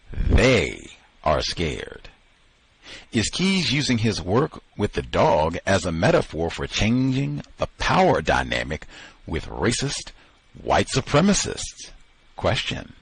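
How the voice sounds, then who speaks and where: A man's voice: low voice, fairly bright tone, slightly rough, no echo. A man hosting a book discussion, talking emphatically and repeating phrases for effect. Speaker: host.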